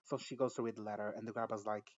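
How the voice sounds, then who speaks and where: A man's voice: fairly low pitch, little pitch movement, very fast, muffled recording. A man casually recapping a TV episode, rambling and swearing, often giggling and cutting himself off mid-sentence. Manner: rambling, profane, giggly, self-interrupting. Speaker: show recap reviewer.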